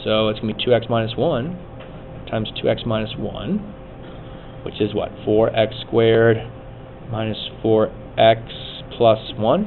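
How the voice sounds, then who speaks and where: A man's voice: on the low side, fairly even intonation, measured pace, phone-quality sound. Man, math teacher, casual classroom lecture, thinking aloud, faint background hiss.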